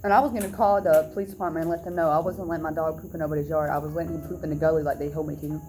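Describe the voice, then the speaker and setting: A woman's voice: deep voice, steady tone, rapid-fire, a little mellow, a little hiss or hum. Indignant young woman telling a storytime. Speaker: vlogger. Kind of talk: storytime vlog.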